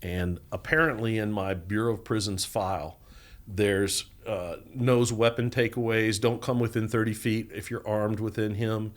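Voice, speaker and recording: A man's voice: fairly low pitch, normal speed. A middle-aged man, a podcast guest, telling stories animatedly and acting out the voices of people he quotes. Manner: animated storyteller, acts out quoted voices, laughs often. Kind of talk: storytelling interview.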